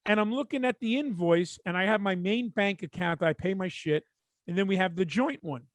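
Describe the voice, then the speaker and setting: Profane, animated New guy. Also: sits high, brisk, dry recording. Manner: profane, animated storyteller acting out dialogue. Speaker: podcast co-host. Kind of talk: casual chat, storytelling.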